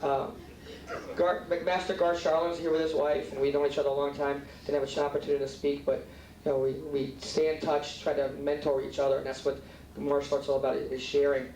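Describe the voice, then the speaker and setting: A middle-aged man gives a heartfelt, rambling thank-you speech at a martial arts banquet dinner, restarting himself often. His voice is a little high and slightly mellow, delivered fairly quickly and without much inflection. The microphone is far away in an echoey hall with faint room ambience.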